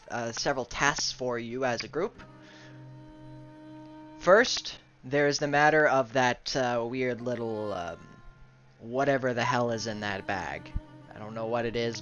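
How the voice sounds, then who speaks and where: A man voicing a male royal official who briefs adventurers in a measured, formal way with some hesitation, on muffled lo-fi audio. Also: mid-range voice, a bit bright, close to an everyday voice.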